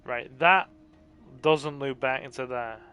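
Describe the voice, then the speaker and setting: A man's voice: mid-range voice, slow, sharp tone, clear, resonant tone, soft background music. A tired man hosting a let's play, giving chatty, joking gameplay commentary. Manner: joking, chatty, self-deprecating. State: tired, yawning.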